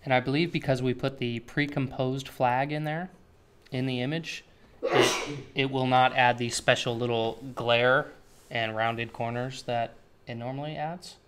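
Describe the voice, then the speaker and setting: A man's voice: medium pitch, fairly even intonation, unhurried, a bit bright, smooth. A man giving a casual screen-share web tutorial, thinking aloud with offhand, dry sarcastic asides. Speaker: web developer teaching a tutorial.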